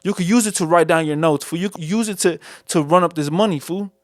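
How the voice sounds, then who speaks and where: A man's voice: on the high side, fast, no room sound, studio quality. A young man with a Chicano English accent hosting a casual solo podcast, rambling in slang and calling everyone "fool.". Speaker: podcast host. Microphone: studio mic.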